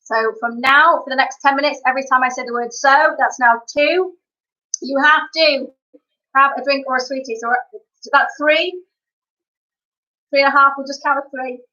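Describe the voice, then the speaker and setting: A woman hosting a live stream, chatting to viewers in an upbeat way with quick asides. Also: high voice, fairly even intonation, bright, forceful tone. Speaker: live-stream singer and entertainer. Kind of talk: casual live-stream chat. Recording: dull lo-fi stream audio.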